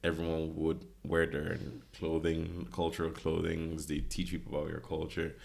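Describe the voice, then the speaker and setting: A young man from Ireland co-hosting a podcast in casual chat, with a very deep voice, rambling loosely and swearing now and then. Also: monotone, normal speed, darkish tone. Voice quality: very deep gravelly voice. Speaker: podcast co-host.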